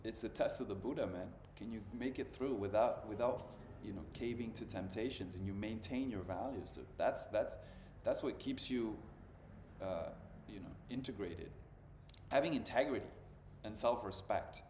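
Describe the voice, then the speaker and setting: A man's voice: fairly low pitch, moderate pace, a little mellow. Slangy man in his thirties, echoey room. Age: 30s. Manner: loose, slangy, peppered with "bro" and "dude". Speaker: podcast host. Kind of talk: casual chat. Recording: echoey room with faint ambient noise.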